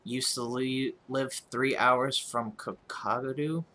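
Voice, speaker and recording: A man's voice: medium pitch, steady tone, slow, bright, forceful tone, a little hiss or hum. A man with a rural American accent, chatting casually and self-deprecatingly with his audience as he streams a game, often restarting his words. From United States. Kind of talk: casual chat while gaming.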